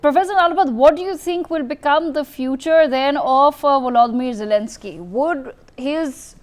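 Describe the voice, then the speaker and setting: Brisk high-voiced woman news anchor. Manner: brisk, formal questions. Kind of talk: live news panel moderation.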